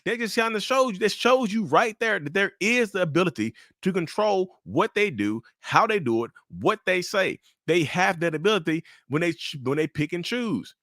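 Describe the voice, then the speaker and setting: Animated man with a dry, close sound. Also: high voice, normal speed, hardly any pauses, no echo. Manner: animated, blunt, repetitive. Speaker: relationship commentator. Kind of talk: casual commentary to camera.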